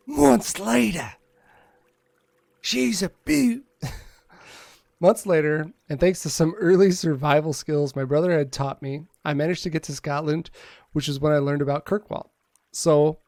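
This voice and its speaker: A man's voice: fairly high pitch, darkish tone, no room sound. A man streaming a game, casually reading its dialogue aloud and joking with viewers between lines, on a close desk mic at home. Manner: casual, joking, reads text aloud with asides.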